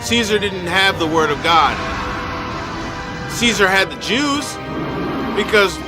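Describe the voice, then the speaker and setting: A man's voice: high voice, expressive, slow. A male streamer rambling animatedly and swearing freely in casual chat while he plays a game. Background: video game music.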